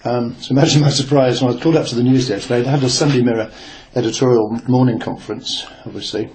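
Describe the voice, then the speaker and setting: A man's voice: mid-range voice, steady tone, fast, a little mellow, a little hiss or hum. An older man, a former newspaper reporter, recounting a workplace memory in a rambling, hesitant way with many fillers and restarts. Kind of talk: reflective oral history storytelling.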